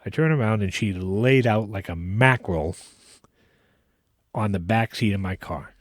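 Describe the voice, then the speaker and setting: A man hosting a podcast, casually telling a long anecdote in an animated way, with frequent restarts. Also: on the low side, measured pace, no room sound, studio quality. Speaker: podcast host. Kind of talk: casual storytelling.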